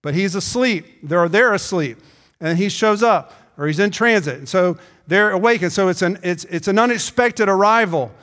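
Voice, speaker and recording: A male pastor with a high, fairly bright voice delivers a sermon at normal speed in a church sanctuary, where long reverb fills the hall. His manner is conversational; he repeats words and puts questions to the congregation.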